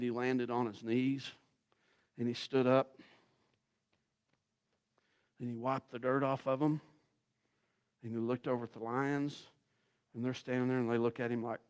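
Man, guest pastor, sermon, folksy storyteller, loud then hushed, dramatic. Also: mid-range voice, fairly even intonation, unhurried, long pauses.

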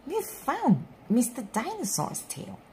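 A woman voicing a gentle mother pig who talks brightly and soothingly in a storybook reading. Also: on the high side, wildly swooping pitch, slow, vocal fry, slight background noise, pitched above the performer's own voice, heavily acted.

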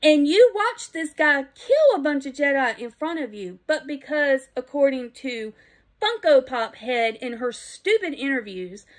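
A woman with a bright, high voice and a Southern accent vents her opinions straight to camera. She is middle-aged, blunt and emphatic, and swears freely as she gets more and more worked up. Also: animated, unhurried. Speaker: vlogger. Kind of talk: impassioned opinion rant.

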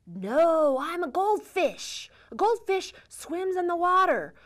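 A helpful little goldfish, as a woman puts it on, explains things plainly in a storybook reading. The voice is light and a touch high. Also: sing-song, takes it slowly, heavily acted. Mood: explaining.

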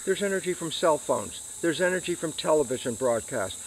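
A man's voice: a little high, brisk, slight background noise, rough recording. A man, an interview guest, explaining science and acting out his own questions and answers. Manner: animated, acts out questions and answers to himself.

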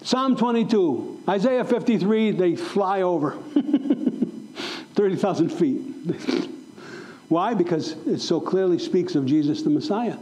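A man's voice: high-pitched, animated, takes it slowly, warm tone, rough recording. A middle-aged male pastor preaching a sermon to a church congregation, emphatic and fond of repeating questions to the room. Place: church sanctuary.

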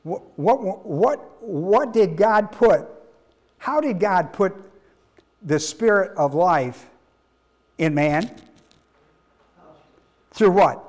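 This sermon comes from a high-voiced pastor who teaches with emphasis and expression, going over points again and testing his congregation with questions. He often stops and restarts, so the delivery feels halting.

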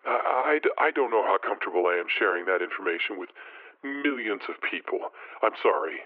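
A desperate obsessive fan on the phone. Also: male voice, sits low, lively intonation, a little fast. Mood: nervous. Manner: pleading, stammering, desperate. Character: obsessive unstable male fan caller. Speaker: caller. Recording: tinny phone line with faint noise.

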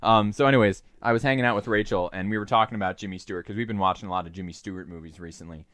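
A man's voice: on the low side, fairly even intonation, racing, a bit bright, no echo, studio quality. A man co-hosting a casual comedy podcast, telling rambling stories full of swearing and fillers. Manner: rambling storyteller, swearing, lots of "uh"s. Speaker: podcast co-host.

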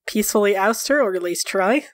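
A woman narrating as game master of a tabletop role-playing game, animated and laughing often. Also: medium pitch, fairly quick, dry recording, clean studio sound.

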